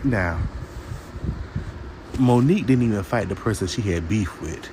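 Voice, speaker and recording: A man's voice: on the low side, lively intonation, a little slow, noisy background. A man reviewing a TV show in a sassy, opinionated rant, talking straight to his viewers.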